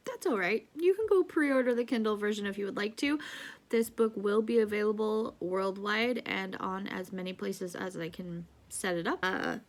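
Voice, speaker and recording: Woman, 30s, relaxed chatty vlog insert, mid pitch. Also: normal speed. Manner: relaxed, chatty, with fillers and small laughs. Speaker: author and vlogger. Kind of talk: casual spoken update.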